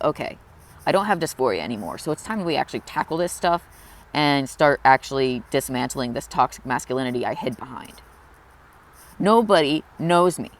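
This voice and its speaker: Earnest, confessional young vlogger. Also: medium pitch. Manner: earnest, open and reflective; emotional, close to tears at times. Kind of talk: confessional personal vlog.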